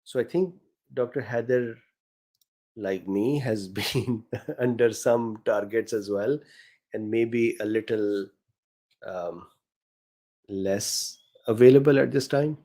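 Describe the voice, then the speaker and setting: A man's voice: lowish voice, takes it slowly, pauses often, mellow. A middle-aged man with a non-native English accent hosts a casual live session, reading viewer questions aloud and answering them with frequent fillers.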